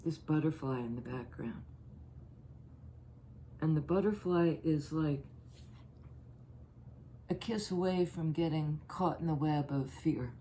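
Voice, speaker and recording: A woman giving a casual tarot reading, musing and halting as she thinks aloud over each card. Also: deep voice, warm tone, slight background noise. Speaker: tarot reader.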